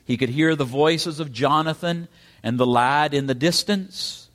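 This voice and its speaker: Slow, dramatic male preacher. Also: fairly bright tone. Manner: preaching with dramatic pitch swings and emphatic questions. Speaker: pastor. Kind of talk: sermon. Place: church.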